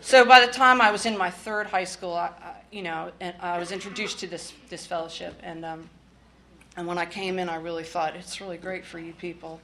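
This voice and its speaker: A woman's voice: on the low side, steady tone, brisk, bright, forceful tone, a little hiss or hum. A woman from the Washington, D.C. area sharing her recovery story in a candid, blunt way with wry humor and swearing. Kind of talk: personal testimony.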